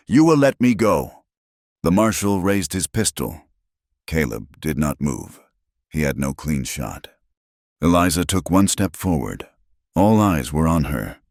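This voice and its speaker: A man giving scripted, dramatic narration of a western story, measured and pausing phrase by phrase. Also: rumbling low, darkish tone, no echo, studio quality.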